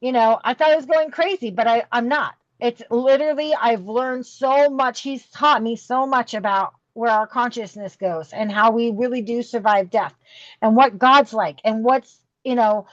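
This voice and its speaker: A woman's voice: a little high, moderate pace, dry recording, highs cut off. A middle-aged woman telling a candid, emotional story as a podcast guest, with many fillers and restarts. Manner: rambling, emotional, full of fillers.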